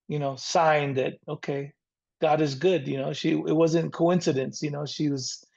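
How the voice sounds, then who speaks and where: Gravelly, earnest middle-aged man. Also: on the high side, darkish tone, highs cut off. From San Diego area, near the Mexican border. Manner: earnest, reflective, faith-centered. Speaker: guest, rock band frontman. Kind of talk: heartfelt interview storytelling.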